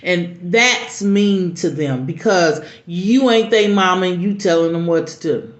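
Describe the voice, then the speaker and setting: Slow, earnest middle-aged woman telling a story. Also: lowish voice. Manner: earnest, halting, with many restarts. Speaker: mother sharing advice. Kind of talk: personal storytelling vlog. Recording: roomy, dull lo-fi recording.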